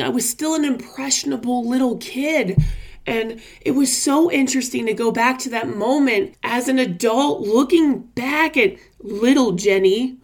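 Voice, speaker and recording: A woman in her forties speaks to her vlog audience about a turning point in her life. Her voice sits a little high, and she talks earnestly and with feeling. Her delivery is casual, full of fillers and restarts. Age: 40s. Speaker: vlogger. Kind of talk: personal storytelling vlog.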